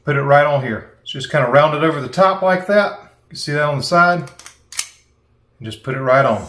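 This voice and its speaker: A man's voice: on the high side, animated, a little fast, a bit bright, slight background noise. A middle-aged man with a Southern American accent, demonstrating a recipe as the host of a cooking channel in a folksy, chatty way.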